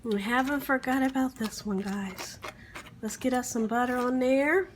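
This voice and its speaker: This enthusiastic kitchen vlogger hosts a home cooking channel, constantly calling out "guys" and humming as she samples dishes. Her high voice moves at normal speed, and there's a little hiss or hum on the recording.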